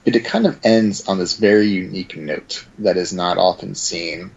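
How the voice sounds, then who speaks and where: Low gravelly dude, kinda husky, thinking out loud about a movie on a muffled podcast mic. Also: male voice, normal speed. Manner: thoughtful, hedging with "like" and "kind of". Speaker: podcast co-host. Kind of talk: casual film discussion. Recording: dull lo-fi sound.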